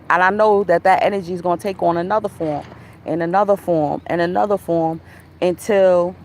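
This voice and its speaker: A woman talking casually to her viewers in a relaxed, laughing, slangy and profane way. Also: medium pitch, gravelly, a little hiss or hum. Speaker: vlogger. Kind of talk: casual chat.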